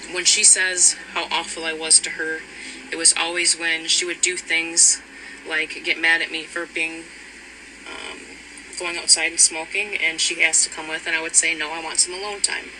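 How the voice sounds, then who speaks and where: Rambling man with background noise. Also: fairly high pitch. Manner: rambling, halting, with frequent fillers and restarts. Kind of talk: personal account of a past relationship.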